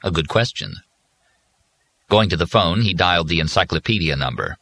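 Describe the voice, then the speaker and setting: Deep voiced guy reading an audiobook, bright forceful tone, even pace. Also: normal speed, no echo. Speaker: audiobook narrator. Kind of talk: scripted narration.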